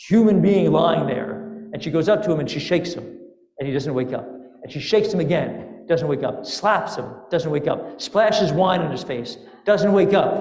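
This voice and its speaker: A male rabbi telling a fable in his sermon, in a casual, animated way. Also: a little high. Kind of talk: storytelling sermon. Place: synagogue sanctuary. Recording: echoey sanctuary with long reverb.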